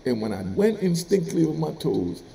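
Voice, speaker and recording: Brief: middle-aged man, ex-prisoner storyteller, gravelly, lively swings in pitch, casual street talk. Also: a little fast, a little hiss or hum. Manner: animated, streetwise, laughs while telling. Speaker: former prisoner telling stories.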